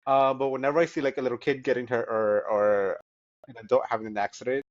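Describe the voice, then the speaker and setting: A man's voice: mid-range voice, steady tone, fast talker, no echo, muffled recording. A man co-hosting a podcast, talking in a rambling, filler-heavy, casual way. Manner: rambling, many fillers, giggly. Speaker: podcast co-host. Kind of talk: casual chat.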